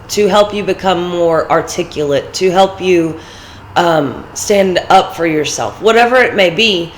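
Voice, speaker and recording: A woman's voice: fairly low pitch, a little hiss or hum, rough recording. Congested woman giving casual life advice. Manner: rambling, personal, with fillers. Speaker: vlogger. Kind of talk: casual motivational talk.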